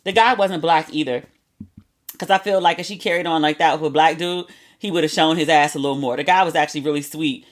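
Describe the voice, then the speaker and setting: A woman's voice: sits low, fairly even intonation, fast talker. A woman hosting a podcast, telling stories in a casual, candid monologue with slang and the odd curse word. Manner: candid, chatty, with slang and cursing. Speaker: podcast host.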